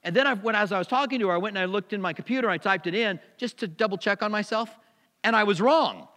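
A man's voice: high-pitched, quick pace, a bit bright, in a large hall. A man preaching a sermon to a congregation, often restarting and repeating words as he goes. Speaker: pastor.

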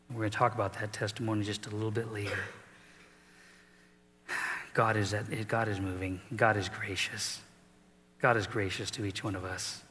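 A man's voice: on the low side, steady tone, normal speed, pauses often, sharp tone, in a large hall, slight background noise. A middle-aged man preaching a sermon as pastor, telling the story with animation and acting out the people in it.

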